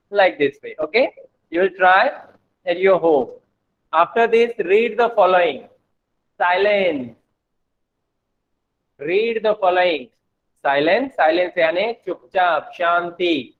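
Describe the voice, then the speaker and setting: A male teacher with an Indian accent giving an online English lesson to children, speaking slowly and repeating words for the class. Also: sits high. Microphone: video call. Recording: tinny phone-like online call audio.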